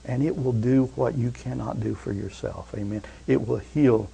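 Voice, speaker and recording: A man preaching a sermon who tells stories and often calls out amen, swinging between loud fervor and hushed softness. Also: medium pitch, moderate pace, creaky, husky. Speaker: pastor.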